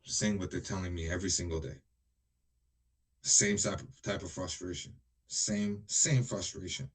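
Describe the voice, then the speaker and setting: A man's voice: low-pitched, moderate pace. A man from Iran hosting a live stream from his home kitchen, replying to viewers in a heated, blunt way. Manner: heated and blunt, with rising anger. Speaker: livestream host.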